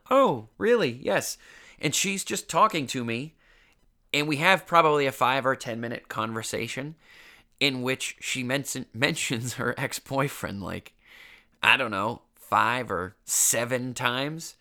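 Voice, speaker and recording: A man's voice: medium pitch, pushed and bright. A young man hosting a podcast, telling a rambling, self-mocking story in a casual way, with a congested, stuffy voice and plenty of swearing. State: congested, getting over an illness. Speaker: podcast host.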